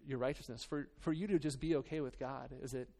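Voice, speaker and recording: Earnest and conversational, a male pastor preaches a sermon, shifting between scripture and plain words to his congregation while stopping and restarting his thoughts. His middle-pitched voice is creaky and mellow, with a steady tone and a quick pace.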